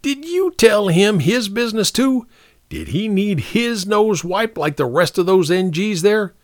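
A man voicing a bullying, loud army captain who sneers and bellows at his troops. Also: high-pitched, lively intonation, unhurried, no echo, studio quality, pitched above the performer's own voice. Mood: contemptuous. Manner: bellowing, sneering, uneducated grammar.

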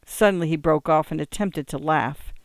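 A man narrating a classic story in an audiobook, with a measured, even delivery. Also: on the high side, no echo, clean studio sound. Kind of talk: scripted narration.

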